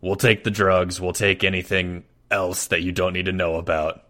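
A man taking part in a tabletop game with friends, talking bluntly and jokingly in a casual, thinking-aloud way. His voice sits very low. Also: level tone, normal speed, bright, forceful tone. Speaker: player.

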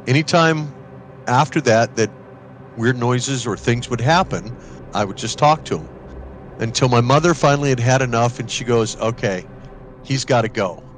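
Spinning a ghost story on a podcast he co-hosts, a man performs the quoted characters' voices and tells it with gusto, frequently restarting and repeating words as excitement builds. His pitch is medium, and there's slight background noise.

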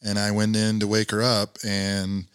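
A man's voice: on the low side, completely flat delivery, unhurried, clean tone, dry recording, clean studio sound. A middle-aged man recounting a painful memory in an interview, earnest and reflective, with many fillers. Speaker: guest. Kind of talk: personal storytelling in an interview.

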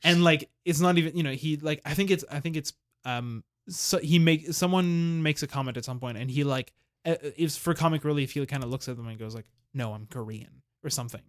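A man's voice: fairly high pitch, brisk, few pauses. A man co-hosting a podcast in casual chat, rambling with lots of fillers and restarts. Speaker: podcast co-host.

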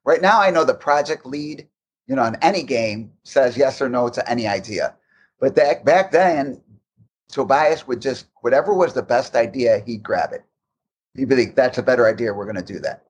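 A man's voice: medium pitch, slightly rough. A man in a casual interview, telling long, rambling stories about making a game, with many restarts. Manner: rambling, restarts often, animated anecdotes. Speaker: guest recalling game development.

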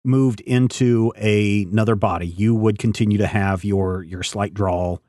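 A man's voice: on the low side, steady tone, a little slow, dark tone, no room sound, studio quality. A man co-hosting a comic book review podcast, musing aloud with a thoughtful, hesitant manner. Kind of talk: casual podcast chat.

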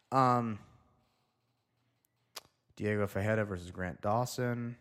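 A young man with a notably deep, low voice hosts a casual solo show. He rambles loosely, muttering to himself as he reads through each item. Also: normal speed, a bit bright. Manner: loose, rambling, talks to himself while reading. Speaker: podcast host.

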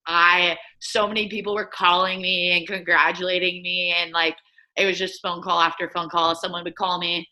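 A woman in her twenties, a guest, telling a story casually and in an animated way, acting out quotes. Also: normal speed. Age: 20s. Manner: animated, acts out quotes in a higher voice. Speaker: guest, drafted athlete.

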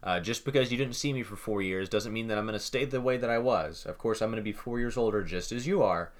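A young man co-hosting a casual talk show, rambling and repeating words as he thinks out loud. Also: fairly low pitch, quick pace. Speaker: podcast co-host. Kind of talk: casual chat.

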